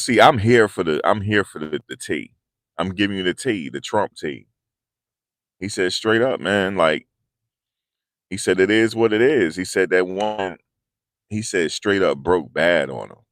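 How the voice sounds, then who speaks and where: In a dry, studio-quality recording, a man with a low, slightly bright voice hosts a casual commentary video. His talk is loose, slangy and repetitive.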